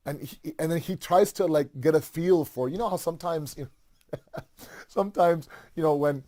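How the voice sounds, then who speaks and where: A man's voice: fairly high pitch, normal speed, mellow. A man telling a religious story in a casual, conversational way, with many fillers and asides.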